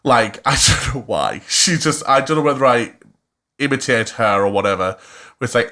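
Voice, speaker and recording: A man in his twenties with a Cumbrian accent, co-hosting a casual podcast and telling stories in an animated, flamboyant way, laughing often and jumping up high for quoted lines. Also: moderate pace. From West Cumbria, England. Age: 20s. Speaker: podcast co-host. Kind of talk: casual chat, storytelling.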